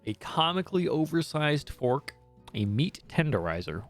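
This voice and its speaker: A man's voice: mid-range voice, very animated, moderate pace, soft background music. A young man streaming a game, reading it aloud with jokey, sweary asides.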